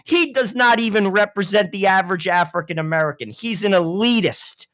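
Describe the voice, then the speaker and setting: A man's voice: fairly quick, few pauses, a bit bright. A man talking politics on a talk show, blunt and emphatic, pressing his points hard. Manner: blunt and emphatic, swinging in pitch.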